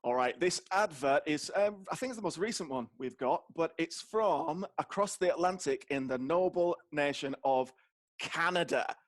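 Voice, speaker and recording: A man hosting a comedy podcast, joking and animated as he introduces clips. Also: fairly high pitch, normal speed. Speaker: podcast host. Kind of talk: casual comedic chat.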